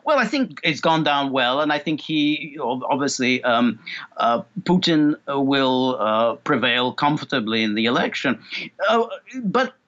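A man, a guest analyst in a political interview, speaking haltingly with many fillers and repeats. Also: medium pitch, expressive, fairly bright tone, dull audio.

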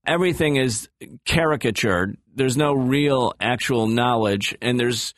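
A man hosting a political radio talk show, asking questions in a measured, deliberate way. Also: mid-range voice, fairly bright tone, no echo, studio quality.

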